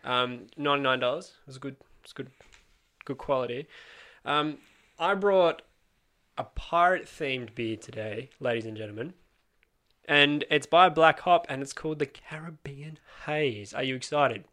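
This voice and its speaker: A man's voice: mid-range voice, normal speed, bright, forceful tone. A man hosting a casual beer podcast, joking and rambling at himself. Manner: jokey, rambling, laughing at himself. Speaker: podcast host.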